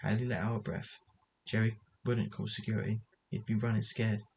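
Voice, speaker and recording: A man narrates a story aloud in a low, even voice that barely rises or falls. He trips over words now and then and goes back to fix them, with a faint hiss in the background. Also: fairly quick, creaky, low-quality recording. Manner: reads with frequent stumbles and self-corrections.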